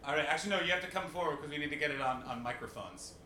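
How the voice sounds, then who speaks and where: A man's voice: a little high, rapid-fire, reverberant, a crowd in the background. A man in his twenties from Canada hosting a live comedy podcast, riffing profanely on audience members. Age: 20s. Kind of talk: live stand-up podcast banter.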